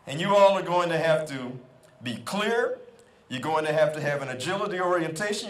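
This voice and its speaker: A middle-aged man giving an emphatic motivational speech at an outdoor school ceremony, repeating his key phrases. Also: high voice. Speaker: guest convocation speaker. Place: outdoor quad. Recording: echoey outdoor PA sound.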